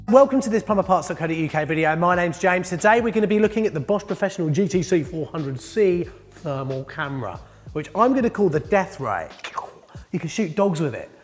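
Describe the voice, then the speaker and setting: A man with a fairly high voice runs an upbeat, jokey tool review for his vlog. He talks in a chatty way with quick asides. His voice rings with long reverb in the studio, and faint music plays underneath. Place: indoor studio.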